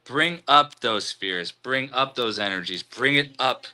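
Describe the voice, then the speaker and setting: A man's voice: medium pitch, animated, unhurried, bright, forceful tone. A man hosting a casual live stream, greeting viewers and rambling loosely through spiritual musings.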